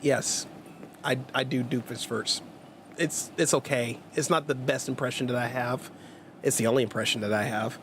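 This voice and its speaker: A man hosting a gaming livestream, chatting in an energetic, hyper and jokey way, rambling with many restarts. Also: mid-range voice, normal speed, background noise. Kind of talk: casual livestream chat.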